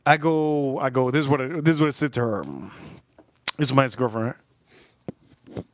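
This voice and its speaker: A man's voice: mid-range voice, moderate pace, slight background noise. A man hosting a livestream, telling a rambling, crude story in a casual way and repeating himself as he goes. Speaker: livestream host.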